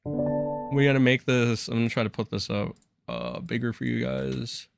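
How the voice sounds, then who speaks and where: A man's voice: medium pitch, steady tone, normal speed, gravelly, no room sound, soft background music. A young man hosting a live stream, talking in a rambling, exasperated and profane way. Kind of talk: casual live-stream commentary.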